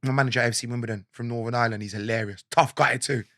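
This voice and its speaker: A man in his forties with a South London accent, telling animated stories from his life in a casual interview and acting out what others said. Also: medium pitch, very fast, dry recording, studio quality. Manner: animated storyteller, acts out quotes, laughs often. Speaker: guest.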